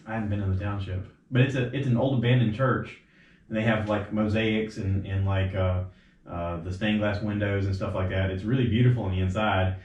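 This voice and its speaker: A man with a fairly low, brisk voice hosts a casual podcast chat, rambling through stories. He acts out other people's quotes with sudden, animated jumps in his voice. The home recording sounds roomy and slightly dull.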